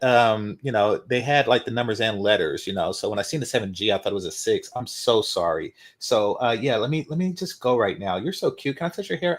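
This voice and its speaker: A man's voice: medium pitch, voice pushed down, close to an everyday voice. A man mimicking a flustered woman who stammers through an apology over a seat mix-up.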